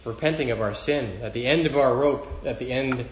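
A man's voice: medium pitch, fairly quick, echoey room, dull audio, a little hiss or hum. A man preaching a sermon to a congregation, earnest and building emphasis as he quotes scripture. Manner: earnest, rising in emphasis when quoting scripture.

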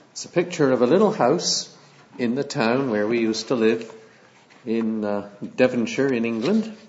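Slow-paced man preaching a sermon. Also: medium pitch, darkish tone, slight background noise. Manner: slow, measured, with hesitant fillers. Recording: slightly dull, lo-fi recording.

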